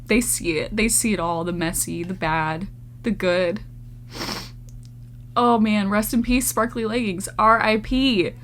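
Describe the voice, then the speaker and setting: A woman's voice: medium pitch, steady tone, unhurried, a bit bright, slight background noise. A young woman vlogger reading out viewer confessions in a casual, giggly chat, often breaking into laughter and mock horror.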